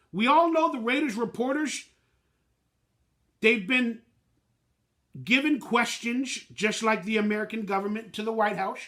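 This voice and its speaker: A man's voice: sits high, a bit bright. A man hosting his own fan channel, giving a blunt, emotional postgame reaction rant in plain slangy talk.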